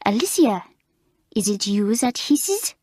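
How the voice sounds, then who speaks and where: A woman voicing an excitable, easily flustered middle-aged French schoolmistress with a put-on French accent and shrill, squealing outbursts. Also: takes it slowly, slightly rough, no room sound, studio quality, full character voice. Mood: frantic.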